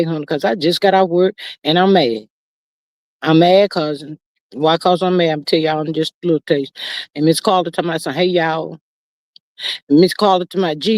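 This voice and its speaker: A woman's voice: lowish voice, darkish tone, dry recording, clean studio sound. Chatty woman hosting a livestream. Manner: chatty, playful, Southern-inflected slang. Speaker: livestream host. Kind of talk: casual chat.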